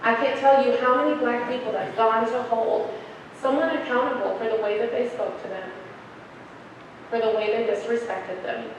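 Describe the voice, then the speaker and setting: A young adult woman telling a personal story to an audience, acting out the voices of the people in it. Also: a little high. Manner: animated, acts out quoted voices. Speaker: speaker. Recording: echoey hall, distant mic, faint noise.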